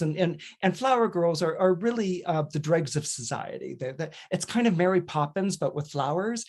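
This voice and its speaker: A man hosting an astrology podcast tells a story in a loose, conversational way. He rambles and restarts his sentences, filling pauses with small hesitations, and now and then slips into quick character voices. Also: a little high, animated, darkish tone. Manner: chatty, digressive, with frequent fillers and restarts; briefly mimics characters in exaggerated voices.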